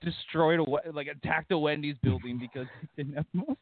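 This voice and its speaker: A man's voice: on the high side, brisk, creaky, no room sound. A man co-hosting a casual podcast from Canada, joking and swearing, laughing as he reads out headlines. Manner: profane, joking, laughs while reading. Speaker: podcast co-host. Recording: phone-like dry sound.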